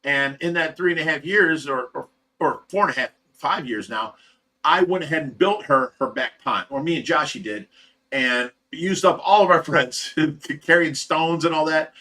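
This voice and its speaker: A man's voice: fairly high pitch, moderate pace, bright, forceful tone. A man hosting a fish rescue livestream, telling stories casually to his chat with laughter. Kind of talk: casual storytelling to a live chat.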